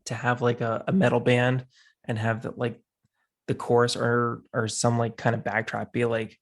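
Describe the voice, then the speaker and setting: A man's voice: mid-range voice, completely flat delivery, moderate pace. A man talking as a guest on a casual podcast, readily agreeing and adding his own thoughts. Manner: agreeable, frequent affirmations.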